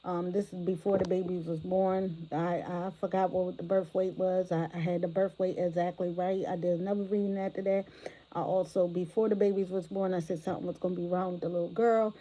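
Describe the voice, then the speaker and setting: A woman hosting a livestream reaction commentary, animated and exclamatory, talking straight to her viewers from a phone or tablet. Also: fairly low pitch, fairly quick, low-quality recording. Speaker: commentary host.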